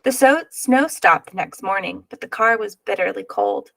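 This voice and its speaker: Woman, picture-book read-aloud, expressive, gravelly, dry close sound. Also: mid-range voice, moderate pace, no room sound, poor audio. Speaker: reader.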